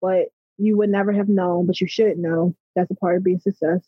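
An emphatic middle-aged woman with a Baltimore accent answers interview questions in a slightly husky voice. The sound is dry and a little muffled. She often checks in with "right?". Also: fairly low pitch, steady tone, brisk, no room sound. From Baltimore, USA. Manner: passionate, emphatic, repeats "right?". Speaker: interview guest. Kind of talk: conversational interview.

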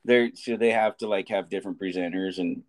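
A man's voice: sits low, steady tone, fairly quick. Guy in his 40s, teacher podcast cohost, rambles and restarts a lot, keeps cracking up. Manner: rambling storyteller, stumbles and restarts, laughs a lot. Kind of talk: casual chat.

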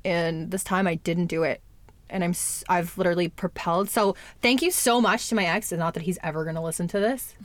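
A woman's voice: fairly low pitch, a little fast, no room sound. A young adult woman talking candidly in a casual chat, lots of "like" and the odd swear word. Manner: candid, chatty, fillers and swearing.

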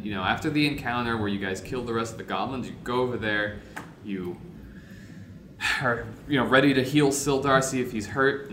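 In a roomy recording with background noise, a young game master casually sums up last session's tabletop game, laughing and leaning on fillers. His voice is mid-range and a bit bright.

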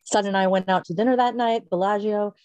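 A middle-aged woman, a company founder appearing as a guest, tells her story in a casual interview, acting out quotes with big leaps in pitch. Her tone is steady, darkish and smooth, she talks quickly, and there's no room sound.

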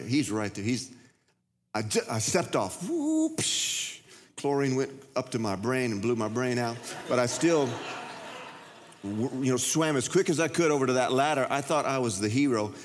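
Storytelling pastor in a reverberant church. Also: male voice, medium pitch, expressive, moderate pace, slight background noise. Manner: storytelling, acts out voices and shouts. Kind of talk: sermon. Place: large church.

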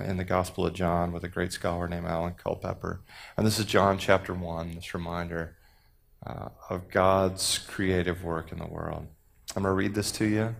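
A middle-aged man preaching a sermon, moving from conversational storytelling to slow, dramatic scripture reading. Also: deep voice, gravelly. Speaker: pastor.

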